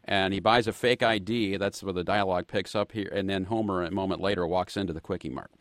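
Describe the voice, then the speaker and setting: Low-voiced male radio host. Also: steady tone, a bit bright, no echo. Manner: halting, restarts while setting up clips. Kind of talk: radio talk show.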